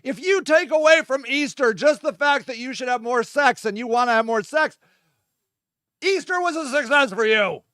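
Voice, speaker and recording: A man hosting his own show, rambling irreverently and jokily, vamping to his listeners with sudden shouted bursts. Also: very high-pitched, expressive, moderate pace, no room sound, clean studio sound. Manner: vamping, talks to his audience. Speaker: host. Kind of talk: casual solo monologue.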